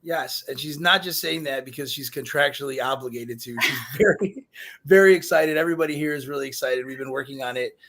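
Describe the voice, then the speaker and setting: A man's voice: medium pitch, fairly quick, a bit bright. A man from Chicago hosting a live online show, rambling with lots of fillers and joking. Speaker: host. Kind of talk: casual live show chat.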